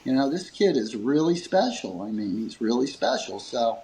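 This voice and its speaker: The man speaks at a moderate pace in a low-quality recording, telling a long interview story about life running a grip company. Animated throughout, he acts out quoted lines with jumps in pitch and chuckles between fillers.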